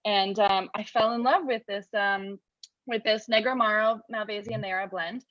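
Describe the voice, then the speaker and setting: A woman's voice: mid-range voice, steady tone, normal speed, a bit bright, no room sound, dull audio. A woman sommelier answering interview questions in a chatty, storytelling way. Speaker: sommelier, guest. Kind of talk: casual video interview.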